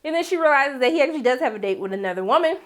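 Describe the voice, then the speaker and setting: High-pitched lady doing a blunt sassy tv recap, lots of slang. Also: lively intonation, rapid-fire. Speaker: TV episode recap vlogger. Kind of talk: casual recap commentary.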